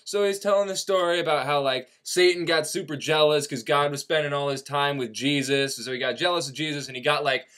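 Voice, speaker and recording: A man's voice: fairly high pitch, steady tone, brisk, hardly any pauses, fairly bright tone. A young man telling a classic poem as a rambling, profane, casual comic retelling. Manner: rambling and profane, full of 'like'. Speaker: comedic storyteller.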